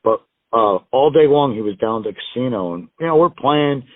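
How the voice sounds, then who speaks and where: A man's voice: mid-range voice, lively intonation, a little fast, no room sound. A man guesting on a wrestling show, telling rambling, profane road stories and acting out other people's lines. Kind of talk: casual storytelling interview. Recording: tinny phone-line call audio, dry.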